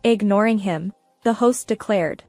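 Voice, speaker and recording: A woman narrating a first-person revenge story in a steady, even manner. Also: medium pitch, measured pace, no echo, soft background music.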